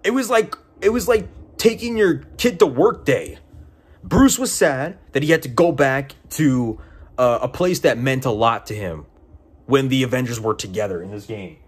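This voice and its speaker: Young guy venting about a game, husky voice, swears a lot, pitch bouncing all over. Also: animated, normal speed. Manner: exasperated, profane, incredulous. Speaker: game reviewer. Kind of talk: casual commentary.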